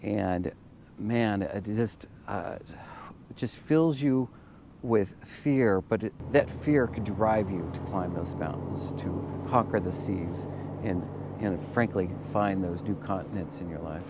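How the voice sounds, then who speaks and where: Halting, earnest motivational man. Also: fairly low pitch, background noise. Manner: halting, repeats words while searching for them. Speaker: motivational vlogger. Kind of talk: casual motivational monologue.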